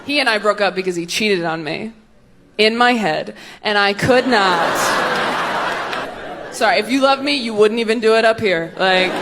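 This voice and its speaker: A woman in her twenties doing a stand-up routine. She is sarcastic and acts out both sides of conversations. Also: mid-range voice. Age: 20s. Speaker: stand-up comedian. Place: stage in a large comedy venue. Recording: live hall reverb with audience noise.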